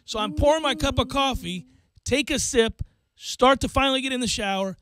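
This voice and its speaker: A male talk-radio host, telling a long self-mocking story in an animated way. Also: extremely high pitch, normal speed. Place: radio studio.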